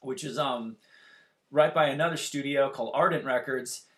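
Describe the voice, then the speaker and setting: A man in his forties telling a story in casual chat, animated and profane, acting out the quotes. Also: mid-range voice, normal speed. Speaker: musician guest telling a story.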